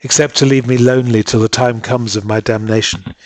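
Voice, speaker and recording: A man's voice: mid-range voice, steady tone, brisk, no room sound, natural voice. A man reading aloud and voicing a devoted young island woman who pleads earnestly with her husband. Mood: impassioned.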